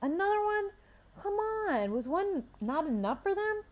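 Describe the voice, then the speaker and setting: A woman's voice: fairly high pitch, sing-song, a little fast, darkish tone, voice pushed up. A woman voicing a sarcastic, teasing teenage boy in a read-aloud story.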